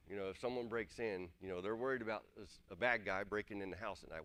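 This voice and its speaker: A preacher gives an earnest, plain-spoken sermon in a conversational style, repeating his points to drive them home. His deep voice is a bit bright and a little fast.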